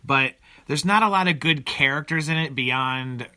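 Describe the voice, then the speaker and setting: Bright-voiced jokey man chatting. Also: a little high, moderate pace, smooth, no echo. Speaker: podcast co-host. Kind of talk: casual chat about movies.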